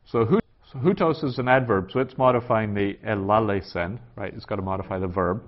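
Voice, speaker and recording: A man teaching a class, working through a translation aloud in a halting way with many fillers. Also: fairly low pitch. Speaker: Greek teacher. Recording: dull lo-fi classroom recording.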